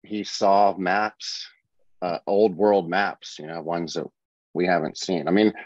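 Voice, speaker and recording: A man's voice: sits low, fairly even intonation, takes it slowly, no echo. A man co-hosting a podcast in casual chat, ranting in a laid-back way with swearing and laughter. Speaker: podcast co-host. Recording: dry, dull lo-fi sound.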